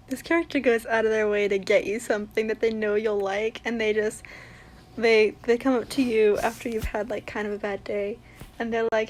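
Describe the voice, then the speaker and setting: A woman chatting casually about her favorite anime characters, gushing and breaking into excited squeals. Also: mid-range voice, fairly quick. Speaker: fan video creator. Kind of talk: casual fan commentary.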